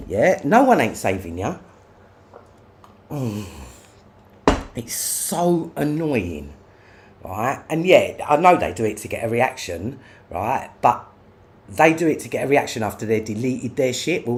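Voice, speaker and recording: Angry ranter, wildly swinging pitch. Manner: profane, confrontational, repeats "yeah?". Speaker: livestreamer. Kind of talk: angry livestream rant.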